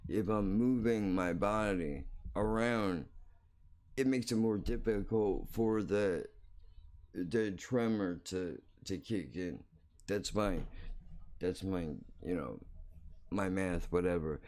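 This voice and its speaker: A man's voice: sits low, slow pace, a little mellow. A man hosting his own show, telling a rambling story bluntly and swearing freely. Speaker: podcast host. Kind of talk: casual storytelling monologue.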